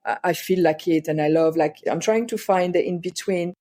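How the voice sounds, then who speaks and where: Brief: French-accented woman guest, lowish voice, halting casual chat. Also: mellow. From France. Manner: hesitant, many fillers and restarts. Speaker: guest artist.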